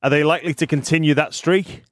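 A man's voice: a little high, steady tone, fast talker, no echo, studio quality. A man co-hosting a sports radio show, starting his sentences hesitantly and stumbling into them. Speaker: radio co-host. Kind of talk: casual radio chat.

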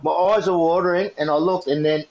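An Australian man co-hosting a podcast, telling a story in a casual, animated way and laughing often. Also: a little high, brisk, dull audio. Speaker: podcast co-host.

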